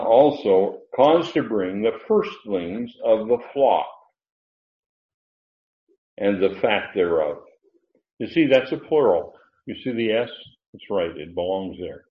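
A man preaching a sermon, explaining a Bible passage verse by verse in an unhurried, digressive way with many fillers. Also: on the low side. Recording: roomy, muffled.

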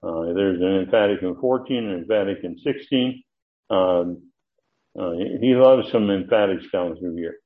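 An older man teaching a verse-by-verse Bible lesson, halting with many fillers and sudden emphatic rises. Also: low-pitched. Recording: tinny phone-like recording.

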